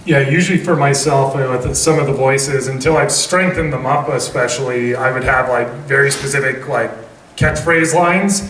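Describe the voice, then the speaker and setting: A man's voice: mid-range voice, normal speed, a bit bright, slight background noise. A man voice actor on a convention panel, rambling through his answer with many fillers. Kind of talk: panel talk. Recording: echoey hall, mic from far off.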